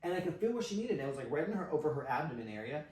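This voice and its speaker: A man, a podcast guest, telling an animated story, acting out quotes with frequent laughs and fillers. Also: fairly high pitch, very fast. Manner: excitable, acts out quotes, laughs often, filler-heavy. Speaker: podcast guest, sexual healer. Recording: roomy, distant from mic.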